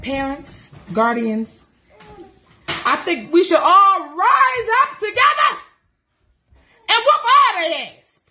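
A woman's voice: extremely high pitch, expressive, takes it slowly, long pauses, bright, forceful tone. A woman and mother chatting casually to camera from her home kitchen, joking and laughing through her words. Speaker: mother and vlogger.

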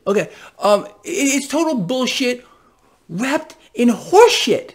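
Animated, sarcastic male market ranter. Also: extremely high pitch, measured pace. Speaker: host. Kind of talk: financial commentary vlog.

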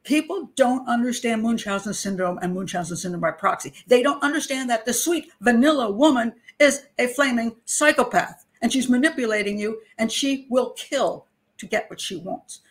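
A middle-aged woman speaks as a criminal profiler recounting a personal case. Her delivery is animated and indignant, punctuated by wry laughter as she makes her points. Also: on the high side, normal speed. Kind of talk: personal storytelling commentary.

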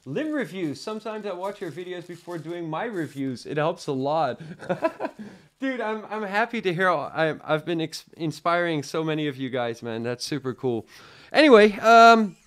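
A man's voice: fairly high pitch, expressive, normal speed, a bit bright. A young Dutch man with a faint Dutch accent, hosting a casual live product review and chatting with viewers, rambling with lots of fillers. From Netherlands. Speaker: tech livestream host.

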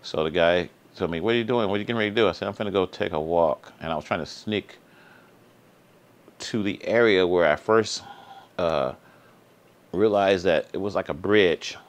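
A vlog host from the Sacramento area speaks directly to viewers in a deep, low voice at normal speed, sharing a personal story in loose, slangy everyday language. He's earnest, repeats things for emphasis, and his voice leaps high when excitement takes over.

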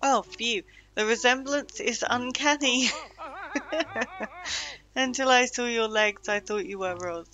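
A woman's voice: a little high, takes it slowly, sharp tone, poor audio. A woman hosting a let's-play video, chatting casually and muttering to herself as she plays. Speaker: gaming channel host.

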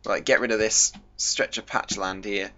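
A man's voice: moderate pace, faint music behind. A young man casually commentating his gameplay, goofy and chatty, joking with himself. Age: young adult. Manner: chatty and goofy, jokes to himself, lively pitch jumps. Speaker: gaming YouTuber. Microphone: desk microphone. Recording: dull home mic with faint hiss.

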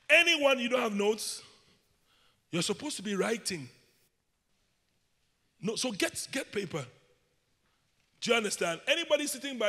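An African bishop with a West African accent preaches a sermon in a large hall, leading call-and-response and drawing out key phrases slowly. His voice is high and fairly bright in tone.

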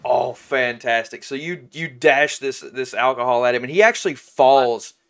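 A man running a tabletop game as game master, with a voice of middling pitch. He narrates scenes casually, often halting and starting sentences over. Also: fairly bright tone. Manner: halting, with many restarts and fillers.

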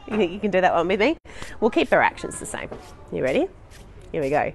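A woman's voice: lowish voice, big pitch swings, a little fast, vocal fry, pauses often, a little hiss or hum. A young woman running a live baby and toddler session at a library, singing nursery songs and chatting to parents between them, laughing often. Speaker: children's librarian.

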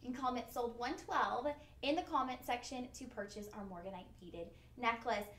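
A woman's voice: fairly high pitch, normal speed, a bit bright. A woman hosting a live shopping stream, chatty, upbeat and a bit goofy. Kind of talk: live-stream jewelry selling. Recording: echoey studio room.

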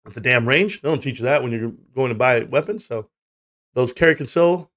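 A man's voice: mid-range voice, fairly quick, fairly bright tone. Rambling, swearing man on a livestream. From United States. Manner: rambling, swearing, laughing storyteller. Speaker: livestream host. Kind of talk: casual livestream chat.

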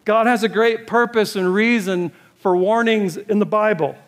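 A man's voice: high-pitched, steady tone, moderate pace. A male pastor preaching a sermon in an urgent, pleading way, repeating short commands. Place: church service.

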